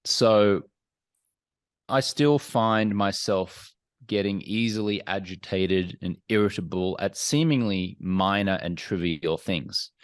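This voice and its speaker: Low-voiced, candid male podcast guest. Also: clean tone, dry recording. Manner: frank, self-examining, measured. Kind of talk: candid, reflective interview talk.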